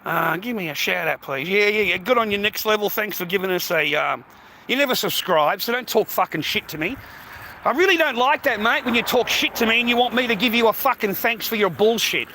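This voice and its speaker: A man's voice: sits high, lively intonation, fairly quick, pushed and bright, rough recording. An Australian man livestreaming outdoors, rambling to his viewers, swearing heavily and calling everyone mate. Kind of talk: casual livestream chat to viewers. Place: outdoors on a street. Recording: outdoor street noise, passing traffic.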